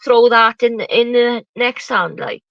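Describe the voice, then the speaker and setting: A woman with a fairly high voice chats bluntly on a live panel, swearing freely and restarting her sentences. The sound is slightly dull and dry, like live-stream audio. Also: takes it slowly, creaky, a bit bright, no room sound. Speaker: host of a live chat panel. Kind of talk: casual gossip chat.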